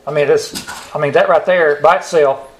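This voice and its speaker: Preacher guy, kinda high voice, drags out the scripture words, keeps asking the room questions, faint hum behind. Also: steady tone, poor audio. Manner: emphatic, drawn-out stress on scripture quotes; asks the audience rhetorical questions. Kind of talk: sermon.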